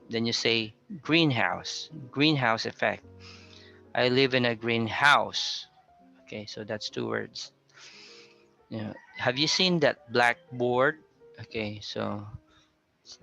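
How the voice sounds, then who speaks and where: Slow, gravelly-voiced male teacher. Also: medium pitch, bright, forceful tone. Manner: patient, explains step by step and quizzes the class. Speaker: pronunciation teacher. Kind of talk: classroom lecture on word stress. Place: classroom with a blackboard. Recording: dull lo-fi sound with faint music.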